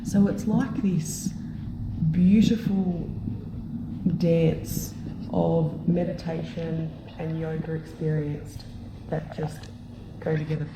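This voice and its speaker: A woman chatting in a relaxed, playful way. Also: deep voice, takes it slowly. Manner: relaxed, playful, defensive banter. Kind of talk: casual chat. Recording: echoey room with background noise.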